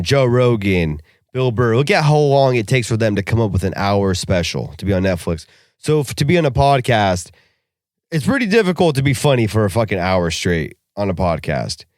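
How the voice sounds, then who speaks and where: A man co-hosting a casual podcast, ranting in a profane, animated way and laughing often. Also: medium pitch, dry recording, clean studio sound. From Russia. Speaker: podcast co-host. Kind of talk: casual chat.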